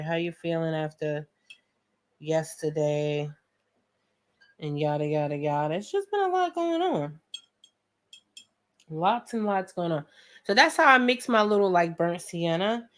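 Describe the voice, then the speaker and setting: Chatty woman hosting a painting tutorial. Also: fairly low pitch. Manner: chatty, joking asides, talks to viewers as friends; frequent laughs and throat clearing. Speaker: art tutorial host. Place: home studio with a fan running.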